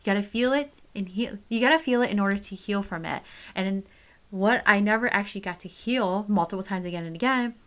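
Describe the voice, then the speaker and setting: A woman's voice: mid-range voice, a little fast, a bit bright. A young woman telling a personal story straight to camera, candid and casual, swearing freely and full of fillers. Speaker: vlogger.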